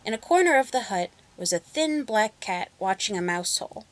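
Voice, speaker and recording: Woman, storybook reading, expressive, dry close sound. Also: mid-range voice, normal speed, no echo.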